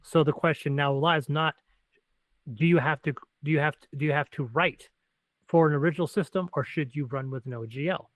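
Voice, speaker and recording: Podcast co-host, man from Canada, fairly high voice, dry close mic, rambling delivery. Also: brisk, no echo, rough recording. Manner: rambling, self-correcting, animated storyteller. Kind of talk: podcast chat.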